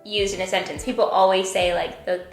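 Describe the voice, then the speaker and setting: An American woman with a steady, mid-range voice speaks a little fast as she co-hosts a casual vlog. She's playful and giggly in the chat, recorded in an echoey room with faint music playing.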